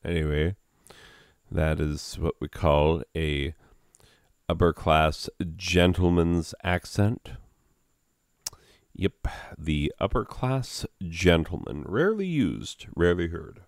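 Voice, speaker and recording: Guy muttering low self-mocking asides, slow, animated pitch, dry close mic. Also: no echo. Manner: self-deprecating, mumbled asides. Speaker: comedic video host, father. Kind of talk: casual comedic aside.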